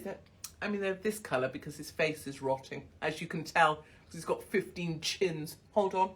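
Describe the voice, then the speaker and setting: A woman hosts a casual livestream from a hotel room on her phone, swearing bluntly, mocking people and laughing often. Her voice sits low and moves at a moderate pace, with a little hiss or hum on the recording.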